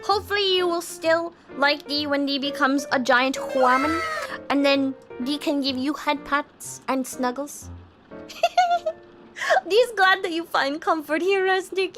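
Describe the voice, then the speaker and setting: High-voiced giggly woman streamer. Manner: refers to herself in third person; giggly, bubbly storytelling. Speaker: livestream host. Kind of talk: casual chat with viewers.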